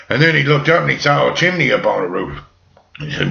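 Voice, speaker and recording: A man's voice: mid-range voice, sing-song, quick pace, vocal fry, pushed and bright, highs cut off. A man ad-libbing a bedtime story in a folksy, rambling way full of jokey asides.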